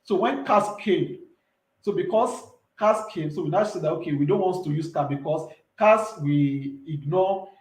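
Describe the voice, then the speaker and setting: A man's voice: fairly high pitch, normal speed, roomy sound, rough recording. A man, talking earnestly and emphatically as an entrepreneur guest in a casual interview, often repeating himself.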